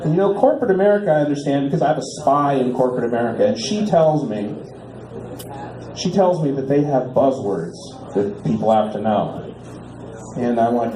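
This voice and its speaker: A man in his forties doing a stand-up comedy set in a bar, delivering punchlines deadpan and drawing out repeats while he waits for laughs. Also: mid-range voice, fairly quick, echoey room, rough recording. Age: 40s. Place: small bar stage.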